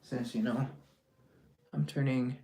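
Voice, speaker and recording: A man hosting a casual show, reacting quickly and chattily to viewer comments. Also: medium pitch, fairly even intonation, vocal fry, warm tone, a little hiss or hum. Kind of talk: casual live chat.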